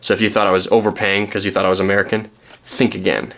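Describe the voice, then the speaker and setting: A man's voice: on the low side, little pitch movement, fast, gravelly, fairly bright tone. A young man from Canada, chatting casually and rambling with lots of ums while showing the books he found. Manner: rambling, self-deprecating, many ums and restarts. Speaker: book vlogger.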